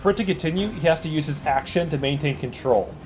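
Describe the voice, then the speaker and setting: A man narrating as game master in a relaxed way, with loose fillers and chuckles. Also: a little high, quick pace, soft background music.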